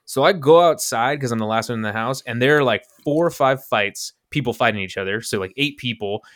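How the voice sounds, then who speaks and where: On a podcast, a young co-host briskly and casually tells a story, animatedly acting out quotes with large pitch jumps. It's a dry recording of studio quality.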